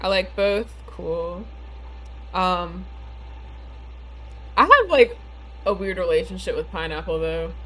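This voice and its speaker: A woman's voice: lowish voice, lively intonation, slow, long pauses, a bit bright, slight background noise. A woman streaming a game live, chatting casually with lots of "like" and "you know", her speech a little slurred from a bitten tongue. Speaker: livestream gamer. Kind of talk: casual live-stream chat while playing.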